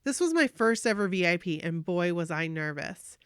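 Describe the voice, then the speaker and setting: Woman podcast host reading a fan story out loud, gets all gushy, dry close sound. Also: on the low side, moderate pace, smooth, no echo. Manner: animated, gushing reading with emotional asides. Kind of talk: reading a fan story aloud, casual chat.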